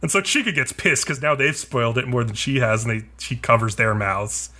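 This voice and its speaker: A man's voice: mid-range voice, fairly quick, pushed and bright. A man co-hosting a podcast, casually recapping an anime episode in a rambling, filler-heavy, profane way. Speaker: podcast co-host.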